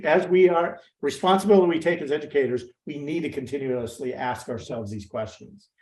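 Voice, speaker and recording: A man's voice: medium pitch, reverberant. An older man giving an earnest, heartfelt presentation to educators on a video call, with frequent restarts. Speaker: guest presenter, nature interpreter.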